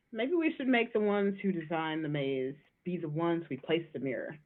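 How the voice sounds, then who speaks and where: A woman's voice: on the low side, animated, measured pace. A woman guest chatting casually on a livestream, reacting with laughter. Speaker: co-reader and guest. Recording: tinny phone-like call audio.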